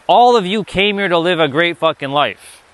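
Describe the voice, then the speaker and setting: A man's voice: high-pitched, animated, normal speed, fairly bright tone, no echo. A man giving a motivational livestream talk, emphatic and profane, often repeating himself. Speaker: livestream speaker.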